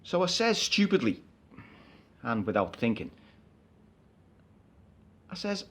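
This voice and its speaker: A man's voice: sits high, wildly swooping pitch, measured pace, long pauses. A man performing a comic stage monologue as a chatty, exasperated storyteller. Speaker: actor.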